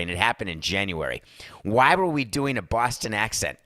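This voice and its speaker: A man's voice: fairly low pitch, very animated, a little fast, pushed and bright, no echo, studio quality. A man hosting a sports talk podcast, ranting emphatically with sarcastic asides. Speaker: host.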